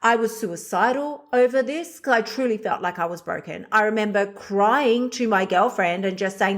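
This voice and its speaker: A woman's voice: on the high side, animated, moderate pace, few pauses. Aussie lady podcaster, confessional solo chat, blunt and sweary, middle-aged. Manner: candid and blunt, swears freely. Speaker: podcast host.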